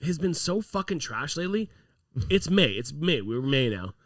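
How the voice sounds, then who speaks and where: A man's voice: on the high side, big pitch swings, moderate pace, a bit bright, dry recording, studio quality. A man co-hosting a casual podcast, ranting in mock anger with lots of swearing. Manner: profane, ranting, mock-angry. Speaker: podcast co-host. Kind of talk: casual chat. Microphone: podcast microphone.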